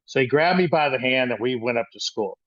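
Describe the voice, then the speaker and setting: A man's voice: mid-range voice, lively intonation, fairly bright tone, dry recording, highs cut off. A man in his sixties telling a personal childhood story in a loose, rambling way, often restarting his sentences. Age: 60s. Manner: rambling, halting with frequent restarts.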